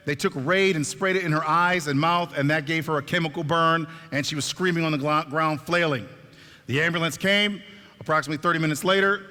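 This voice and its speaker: A man giving a stage talk, telling a story in an animated way and acting out the dialogue, in a reverberant hall. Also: fairly high pitch, fairly quick. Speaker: speaker at a talk.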